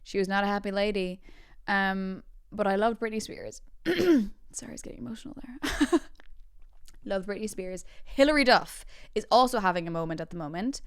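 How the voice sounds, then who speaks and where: A woman around thirty, hosting a podcast with bubbly, giggly storytelling and quick tangents. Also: mid-range voice, clear, resonant tone, no echo, studio quality. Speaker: podcast host. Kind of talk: casual chat.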